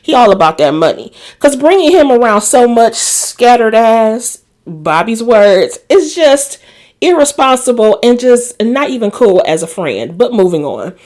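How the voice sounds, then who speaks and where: A woman's voice: on the high side, big pitch swings, a little slow, darkish tone. A woman hosting a casual recap of a TV drama episode, telling it like gossip with asides to viewers and quoted lines acted out. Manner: chatty storytelling with asides to viewers; laughs and acts out quoted lines. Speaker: TV recap host.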